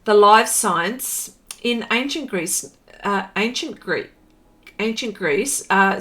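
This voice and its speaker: A woman chatting on a painting live stream at an unhurried pace, her voice sitting a little high. She reads viewer comments aloud, stumbles over tricky words and laughs it off in a loose, homey way, talking into a computer mic at home. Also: fairly bright tone.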